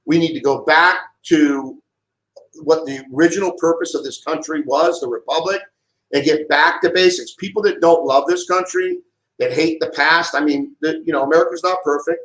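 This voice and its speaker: A man's voice: a little high, unhurried, a bit bright, echoey room, low-quality recording. A middle-aged man delivering an impassioned monologue, heated and emphatic, often repeating himself. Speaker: vlogger giving a political rant.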